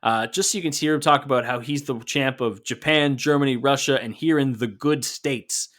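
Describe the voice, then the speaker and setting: A man co-hosting a podcast in an easy, joking way, running through old wrestling promos and trading bits with his partner. His voice sits at an average pitch and he talks in a relaxed, conversational tone. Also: moderate pace. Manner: conversational, joking, recapping matches. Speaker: podcast co-host. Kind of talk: casual wrestling podcast chat.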